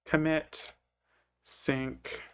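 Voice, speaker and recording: A programmer live coding thinks aloud, hesitant and self-correcting, muttering to himself while sleepy and yawning. His voice is fairly high, level and smooth, and he speaks very slowly. Studio-quality audio with no room sound.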